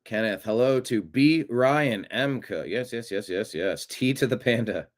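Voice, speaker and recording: A man's voice: medium pitch, unhurried. A man hosting a live stream, chatting casually and reading viewer comments with rambling, jokey asides. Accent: American. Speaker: show host.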